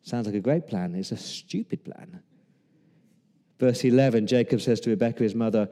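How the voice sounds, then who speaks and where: A pastor preaches a sermon, retelling Bible scenes with humor and acting out the lines of the people in them. His voice is mid-range and mellow at a moderate pace, with long hall reverb on the recording.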